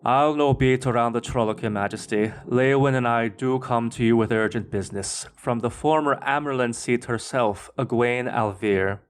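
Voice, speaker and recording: A man's voice: mid-range voice, normal speed, hardly any pauses, clean tone, lightly acted. A man voicing a large, blunt ship captain, as he reads a story aloud. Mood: earnest.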